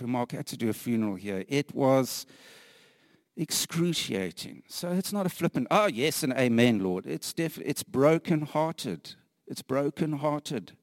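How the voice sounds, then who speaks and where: A man preaching a sermon earnestly, repeating phrases for emphasis, sometimes dropping to a hushed whisper and laughing lightly between points. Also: mid-range voice, no echo, clean studio sound, in a large hall.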